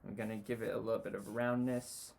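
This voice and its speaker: A man teaching sketching, talking through a drawing as he makes it, relaxed and full of "you know" fillers. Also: lowish voice, brisk, gravelly. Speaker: design tutor. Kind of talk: sketching demonstration.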